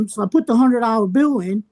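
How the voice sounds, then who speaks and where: A man on a podcast telling a story in a casual way. He swears constantly and sounds brash and animated. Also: extremely high pitch, moderate pace, no room sound. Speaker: podcast regular.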